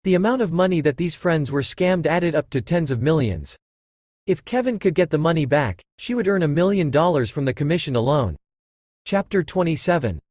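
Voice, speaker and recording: Lively male audiobook narrator. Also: a little high, brisk, dry recording, lo-fi sound. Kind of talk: scripted narration.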